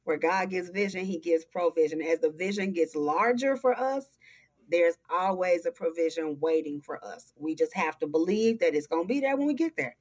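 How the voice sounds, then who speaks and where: A woman's voice: fairly low pitch, expressive. Southern woman in her forties, interview guest, heartfelt and emphatic, dull lo-fi sound. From Texas. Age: early 40s. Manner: earnest, heartfelt, slow and emphatic. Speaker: guest, nonprofit founder. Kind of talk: interview conversation. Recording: dull lo-fi audio.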